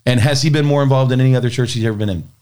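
A man, a pastor, telling a story in a relaxed chat. He acts out each person's lines as he goes. His voice sits at an ordinary middle pitch for a man. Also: rapid-fire, clean tone. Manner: animated storyteller acting out dialogue.

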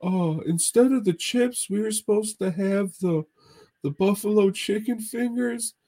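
A man putting on a flustered high-voiced mumbler. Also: a little slow, warm tone, rough recording. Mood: confused. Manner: hesitant, full of uhs. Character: flustered young man, mumbling, hard to follow.

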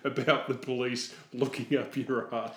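A man's voice: medium pitch, flat delivery, normal speed, a bit bright, roomy sound. A man co-hosting a podcast in casual chat, making dry, wry jokes. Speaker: podcast co-host.

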